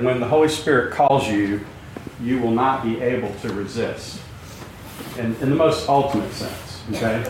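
A man leads a Bible class in a loose, chatty way, full of ums, quips and questions to the room. He is heard from some distance in a very echoey room. A faint hum of room sound sits behind him. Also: mid-range voice. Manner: conversational, many fillers, jokes with class. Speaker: Bible teacher. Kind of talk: informal classroom teaching with questions.

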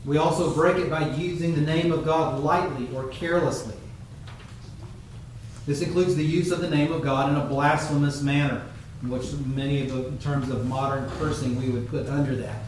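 A man preaching a sermon in a measured teaching tone, pausing often with fillers. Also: a little high, fairly even intonation, a little hiss or hum. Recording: very echoey room, mic far off.

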